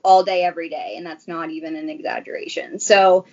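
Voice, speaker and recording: A young woman talks in a chatty, rambling way, with many "like"s as she tells her story. Her voice sits a little low. The recording sounds slightly dull and lo-fi. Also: steady tone, brisk, a little mellow. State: briefly tearful. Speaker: guest. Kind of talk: casual chat.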